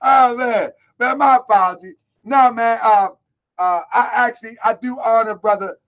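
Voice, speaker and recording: A man from Baltimore hosting a live online show, talking loud, boisterous and streetwise, calling people out. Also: extremely high pitch, normal speed, vocal fry, muffled recording. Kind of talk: casual live-stream talk.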